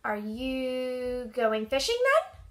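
Cheerful storybook mouse, squeaky and eager, high and bouncy, read by a woman. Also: big pitch swings, takes it slowly, a bit bright, full character voice. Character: small excitable female mouse, cheerful.

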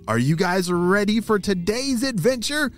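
Man, kids' story host, enthusiastic, playful, lively swooping pitch, faint music behind. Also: normal speed. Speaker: children's storyteller and podcast host. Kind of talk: children's story narration.

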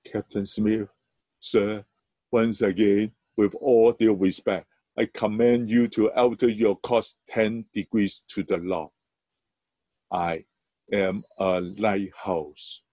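A man voicing a young operator who answers calmly and respectfully over the radio. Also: on the high side, slow, dry recording, voice pushed up. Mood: firm. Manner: calm and respectful. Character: calm, steady young male lighthouse keeper.

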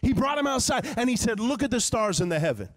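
A man's voice: very high voice, big pitch swings, quick pace. A male pastor preaching a live sermon in a church, talking conversationally and acting out prayers as quoted speech. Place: church sanctuary. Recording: live church hall reverb.

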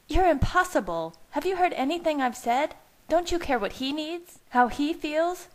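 A woman's voice: mid-range voice, steady tone, a little slow, lightly acted. A woman reading aloud and voicing an angry, protective young female werewolf who shrieks and snarls her accusations. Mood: furious.

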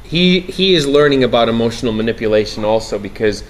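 A man being interviewed on set about his acting role, animated and laughing, often restarting his sentences. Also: medium pitch, fast talker. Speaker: actor interviewee. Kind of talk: press junket interview. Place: outdoor TV set, press line.

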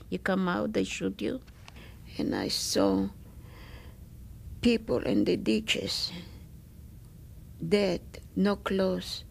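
An older woman from Greece recounts her memories in oral history testimony. Her voice is strongly gravelly, and she speaks slowly, stopping often to search for words. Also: mid-range voice, darkish tone. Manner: halting, with many pauses and fillers. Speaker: survivor giving testimony.

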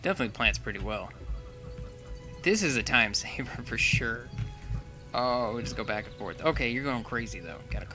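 A young man giving casual, chatty commentary while playing a building game, thinking aloud and laughing often. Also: medium pitch. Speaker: gaming channel host.

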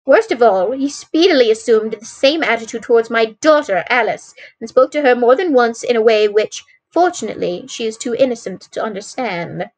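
Woman doing agitated middle-aged landlady, anxious, formal, pleading, higher voice. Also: normal speed, few pauses, rough recording.

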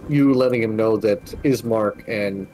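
Low-voiced male game master narrating. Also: unhurried, warm tone, a little hiss or hum, low-quality recording.

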